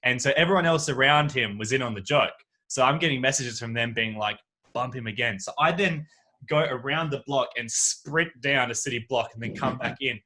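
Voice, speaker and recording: Bright-voiced man telling a story. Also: medium pitch, brisk. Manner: animated storyteller who acts out the voices in his anecdotes. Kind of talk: casual chat. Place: at home on a video call. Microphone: video call microphone.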